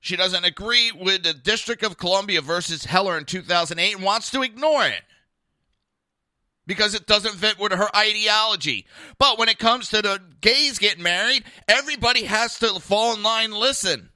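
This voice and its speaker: A man's voice: sits high, normal speed, sharp tone, no echo, clean studio sound. A man hosting a political talk podcast, ranting bluntly and sarcastically with lots of profanity and talking to his live listeners. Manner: talks to listeners in a live chat. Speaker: podcast host.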